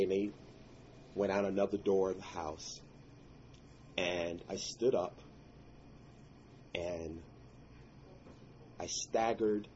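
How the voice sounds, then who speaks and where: A man's voice: low voice, darkish tone, dull audio, slight background noise. A man telling a personal story in an earnest, intense way, breaking into prayerful exclamations. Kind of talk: personal story told to listeners.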